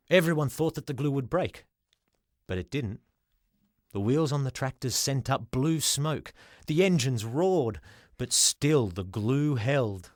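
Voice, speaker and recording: Man reading a storybook, lively delivery. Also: medium pitch, no room sound, studio quality. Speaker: audiobook reader. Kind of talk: storybook narration.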